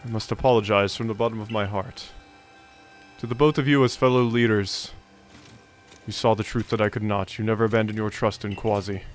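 A man's voice: fairly low pitch, steady tone, brisk, faint music behind, lightly acted. A man voicing a stern, proud, middle-aged male commander from a video game, reading his formal lines aloud. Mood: remorseful. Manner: formal, apologetic speech read from game text.

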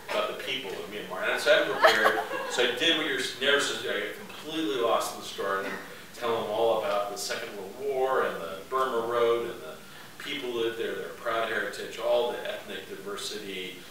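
A man telling a funny story to a live audience, animated and laughing through his lines. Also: mid-range voice. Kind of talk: humorous anecdote. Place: large hall with a live audience. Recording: echoey room from far off with audience.

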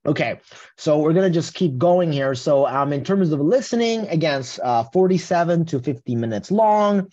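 A man's voice: a little high, expressive, normal speed, dark tone, lo-fi sound. A man giving a casual test-prep webinar presentation, often tagging his points with "right?". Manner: casual, tags statements with "right?". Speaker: English test prep instructor.

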